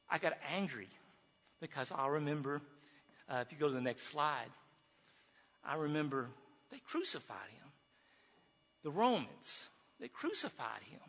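A man giving an earnest personal testimony to a group, telling his story haltingly with restarts. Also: fairly high pitch, fairly bright tone, husky. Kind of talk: personal testimony talk with slides. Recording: long reverb of a hall.

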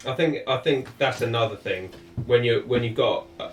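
A man's voice: mid-range voice, normal speed. A man hosting a podcast, talking earnestly in casual chat with many restarts. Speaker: podcast host. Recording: echoey room, mic at a distance.

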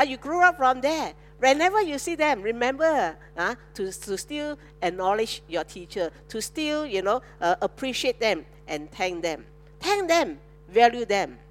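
A woman preacher delivers a sermon in a fairly high, very lively voice that swings up and down. She keeps checking in with the congregation through call-and-response. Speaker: pastor.

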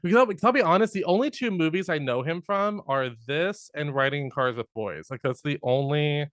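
A man co-hosting a podcast in casual chat, animated and laughing often. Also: a little high, a little fast, no room sound, clean studio sound. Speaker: podcast co-host.

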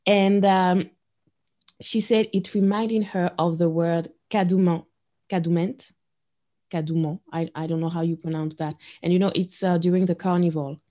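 A woman's voice: on the low side, steady tone, normal speed, mellow. A woman talking as an interview guest, thoughtful and a little hesitant, with fillers as she explains. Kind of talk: interview conversation.

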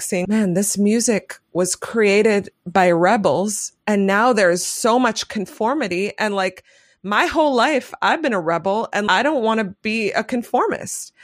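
A woman's voice: on the high side, no room sound, studio quality. A woman jazz musician talking enthusiastically as an interview guest, rambling with lots of "like"s. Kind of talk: casual interview talk.

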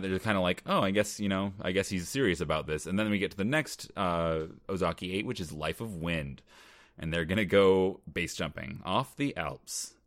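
A man's voice: low voice, a bit bright, dry recording. A young man co-hosting a podcast, recapping a movie in casual chat with wry humor and frequent laughs. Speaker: podcast co-host.

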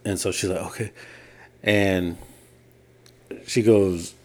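Speaking at a moderate pace, this podcast co-host has a fairly low, darkish voice. In relaxed conversation, he works through a long anecdote and quotes the people involved in his own voice.

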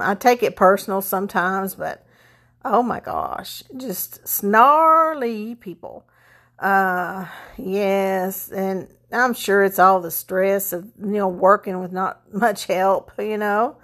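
A woman vlogger chatting casually about her holidays, rambling with many fillers and restarts. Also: mid-range voice. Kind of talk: casual chat.

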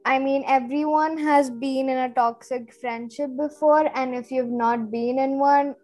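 A woman's voice: high-pitched, steady tone, a little slow, a little mellow, faint music behind. A young woman co-hosting a podcast, chatting casually and self-mockingly while giving earnest advice. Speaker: podcast co-host. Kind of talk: casual chat.

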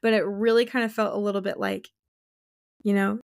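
A woman's voice: medium pitch, brisk, no echo, clean studio sound. A young woman co-hosting a podcast, rambling emotionally about a book she loved. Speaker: podcast co-host. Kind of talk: casual book chat.

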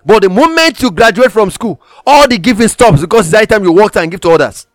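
A man's voice: sits high, animated, brisk, no echo, clean studio sound. A man preaching a sermon, emphatic, repeating phrases for stress and reading scripture aloud in old-fashioned wording.

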